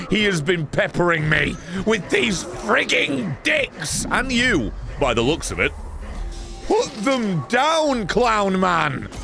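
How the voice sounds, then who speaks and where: A man streaming a video game, reacting loudly and swearing as he plays. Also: on the high side. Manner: excitable, shouty, swearing. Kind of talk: gameplay commentary.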